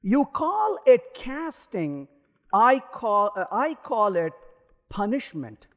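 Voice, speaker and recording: A man's voice: sits high, very animated, takes it slowly, a bit bright. A man giving a live technical conference talk while coding, acting out little dialogues with the compiler in different voices. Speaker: conference speaker. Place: large conference hall. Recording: long hall reverb.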